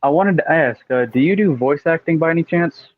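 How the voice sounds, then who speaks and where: A man asking casual questions as a guest on a stream call, quick and eager. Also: fairly high pitch, no room sound, narrow, tinny audio. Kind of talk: casual chat.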